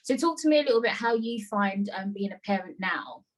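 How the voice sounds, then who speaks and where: A woman hosting a podcast, chatting casually and telling stories in an animated, self-mocking way. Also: medium pitch, brisk, low-quality recording. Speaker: podcast host. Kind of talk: casual chat.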